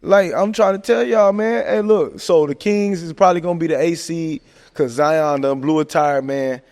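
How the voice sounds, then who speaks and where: A man talking sports casually on a podcast, animated and joking, tossing in "man" and "hey, look" constantly. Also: fairly high pitch, moderate pace. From American South. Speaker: podcast host. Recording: long hall reverb.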